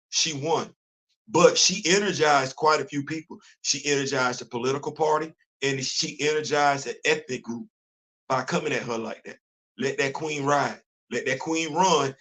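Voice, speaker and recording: A man's voice: fairly high pitch, fairly bright tone. A man hosting a comic book morning show, talking casually and emphatically to his audience with a worn-out voice. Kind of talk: casual talk-show commentary.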